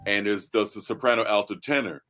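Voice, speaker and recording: A man from San Francisco, a bass singer, telling stories in a relaxed, animated way and laughing as he talks. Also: fairly quick. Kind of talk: casual interview storytelling.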